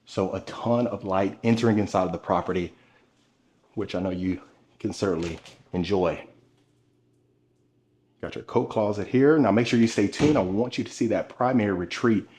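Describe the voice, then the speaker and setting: A man's voice: lowish voice, normal speed, pauses often, darkish tone, slight background noise. A man giving an enthusiastic walkthrough tour of a house, talking straight to his viewers while walking the rooms with a handheld camera. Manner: enthusiastic, addresses viewers directly. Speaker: home tour vlogger. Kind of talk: walkthrough home tour narration. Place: inside a large furnished house.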